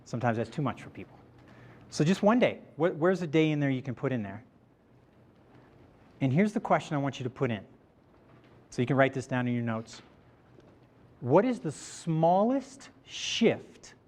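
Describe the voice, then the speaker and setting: A man giving a live motivational talk to an audience, animated and interactive, slowing down to stress key points. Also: mid-range voice. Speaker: motivational speaker. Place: event room before a live audience.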